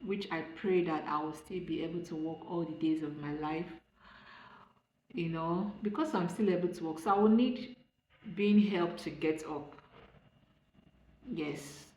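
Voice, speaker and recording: Low-voiced Nigerian woman vlogging. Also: measured pace, pauses often, darkish tone. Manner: rambling, restarting, self-correcting. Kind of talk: casual talk to camera. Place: room at home. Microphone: phone camera. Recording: echoey room on a phone.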